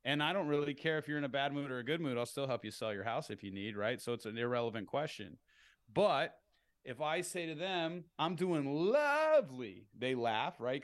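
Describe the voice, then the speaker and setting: A middle-aged man as a podcast guest, explaining sales tactics in an animated way and acting out phone calls in upbeat voices. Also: medium pitch, clean tone. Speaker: real estate entrepreneur guest.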